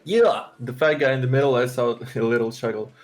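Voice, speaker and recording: A man joking loudly on a game stream, reading character lines and trying out accents. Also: medium pitch, brisk. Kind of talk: casual game stream chat.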